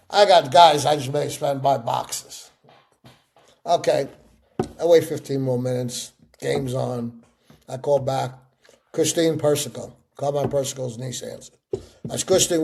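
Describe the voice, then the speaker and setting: A middle-aged man in a sit-down interview, telling stories with lively acted-out voices. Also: mid-range voice, measured pace, gravelly. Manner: animated storyteller acting out quoted voices. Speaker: interview guest.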